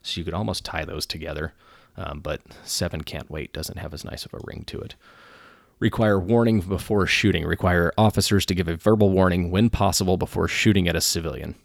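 A man who works as a police officer, talking through policy in a measured way with frequent pauses and restarts. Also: low-pitched, creaky, dry recording, clean studio sound. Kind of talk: casual commentary.

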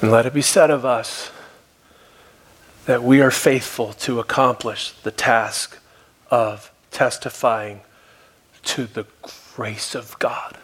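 A male pastor preaching a sermon, telling a story and dropping at times to a soft, hushed voice for emphasis. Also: medium pitch, fairly even intonation, takes it slowly, breathy edge. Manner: storytelling, shifts between soft hushed tones and raised emphasis. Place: church.

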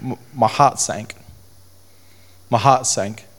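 A young man telling his personal story to an audience, in an earnest, halting way that repeats phrases. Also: medium pitch, fairly bright tone. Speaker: speaker telling his testimony. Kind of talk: personal testimony talk to an audience.

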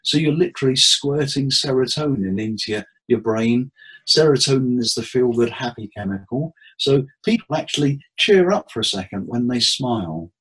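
A man, a therapist, giving tips in a relaxed interview with jokes and acted-out quotes. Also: medium pitch, moderate pace, slightly rough, rough recording. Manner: jokey, anecdotal, acts out quotes. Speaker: therapist and hypnotherapist guest.

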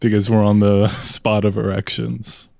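A man's voice: fairly low pitch, flat delivery, measured pace, creaky, darkish tone, slight background noise. A man hosting a podcast in casual chat, laid-back as he leads a round of questions. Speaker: podcast host.

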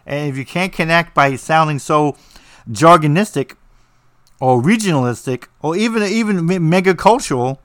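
A man's voice: medium pitch, a bit bright, no room sound, clean studio sound. A man with a New Jersey accent, teaching about writing in a blunt, rambling, joking way with lots of fillers. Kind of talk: casual monologue.

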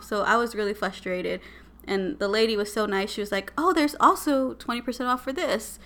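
A woman, telling a story as a podcast co-host in a casual, animated and exasperated way. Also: medium pitch, brisk. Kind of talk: casual chat.

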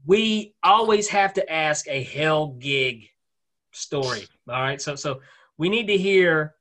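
A man's voice: fairly high pitch, animated, takes it slowly, pushed and bright. A man hosting a podcast in casual, joking chat, sometimes drawing out words for effect. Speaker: podcast host.

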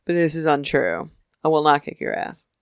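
A young woman co-hosting a podcast, chatting casually about a TV episode and acting out the characters in quick voices, laughing often. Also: low voice, very animated, smooth, no room sound. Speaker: podcast co-host recapping a TV episode. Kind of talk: casual chat.

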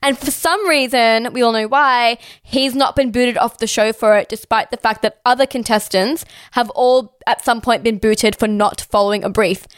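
A woman's voice: fairly high pitch, steady tone, moderate pace, few pauses, clear, resonant tone, no room sound, clean studio sound. A young woman co-hosting a podcast, ranting in heated, sarcastic casual chat with lots of swearing. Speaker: podcast co-host.

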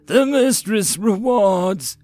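A man voicing crazed, brainwashed townsfolk who shout in a frenzy. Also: high-pitched, wildly swooping pitch, slow pace, no room sound, pitched above the performer's own voice, full character voice. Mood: frenzied.

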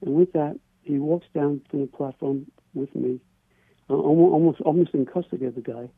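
A man's voice: on the high side, fairly even intonation, gravelly, husky, no room sound. Man telling a story over a tinny phone line. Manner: earnest, halting, many repeated words. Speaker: caller. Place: on a phone call to a radio show.

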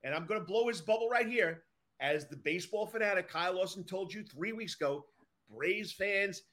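A man's voice: high voice, moderate pace, a bit bright. A man co-hosting a baseball podcast, chatting casually and moving the talk along. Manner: upbeat, steers the talk along. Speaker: podcast co-host. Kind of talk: casual sports chat.

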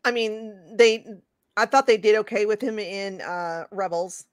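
A woman co-hosting a casual podcast chat, emotional and halting, often repeating her words. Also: medium pitch, clean tone, dry recording. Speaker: co-host.

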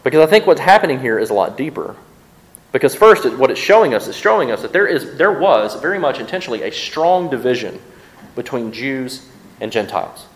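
Animated male pastor preaching conversationally. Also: mid-range voice, low-quality recording. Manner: conversational preaching with quick word repeats. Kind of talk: sermon. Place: church sanctuary with a congregation.

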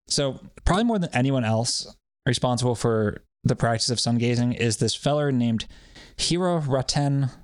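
A podcast co-host chats loosely and sardonically at a normal pace, swearing freely as he rambles. His voice is even and mid-pitched, and the recording is dry and close with no room sound.

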